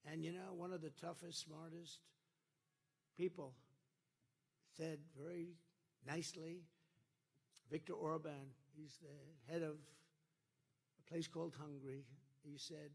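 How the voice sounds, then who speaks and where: Gravelly man giving a rally speech. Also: a little high, level tone, unhurried, pauses often. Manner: repetitive, emphatic, swings between loud declarations and quiet asides. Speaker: political candidate.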